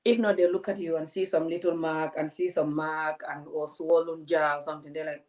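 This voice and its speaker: A woman, a vlogger giving animated, indignant commentary to her audience. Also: low-pitched, fairly quick, hardly any pauses, poor audio. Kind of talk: casual commentary to a live audience.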